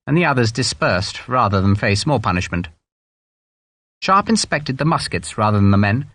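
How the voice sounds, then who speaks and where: A man reads an audiobook in a measured, expressive way, with pitch that rises and falls lively across each sentence. His voice sits in a middle range. The recording is dry and close. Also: no echo. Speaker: audiobook narrator. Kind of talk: scripted narration.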